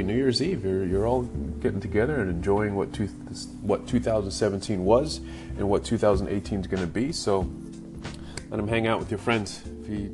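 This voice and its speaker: A man with a very deep voice talking easily, stumbling and restarting as he goes. Music plays clearly behind him. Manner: relaxed, hesitant with restarts. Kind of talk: casual chat.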